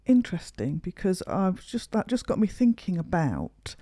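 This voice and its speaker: A woman's voice: lowish voice, very animated, moderate pace, warm tone, no room sound, clean studio sound. A woman hosting a podcast, posing long, thoughtful questions in a reflective, conversational way. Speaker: podcast host.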